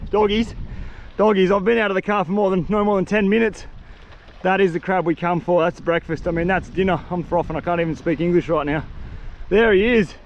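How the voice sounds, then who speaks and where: Male outdoor vlogger, high-pitched and excitable, self-filmed on a handheld camera with faint background ambience. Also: dull audio, a little hiss or hum. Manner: excited, breathless slang-filled chatter. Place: outdoors in mangroves by water.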